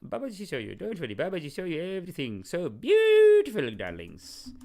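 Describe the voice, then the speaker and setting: A man voicing a soft-spoken male guru who talks in broken English and calls everyone darling. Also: sits high, huge pitch swings, fairly quick, vocal fry, pitched above the performer's own voice, full character voice. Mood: doting.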